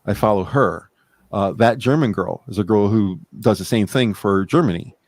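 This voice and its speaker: A man's voice: on the low side, normal speed, a little mellow, no echo. A man co-hosting a podcast in casual chat, rambling and blunt, swearing freely. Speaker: podcast co-host.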